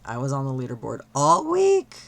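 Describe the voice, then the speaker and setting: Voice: medium pitch, wildly swooping pitch, normal speed, fairly bright tone. A streamer chatting casually while gaming, rambling with lots of fillers and freely swearing.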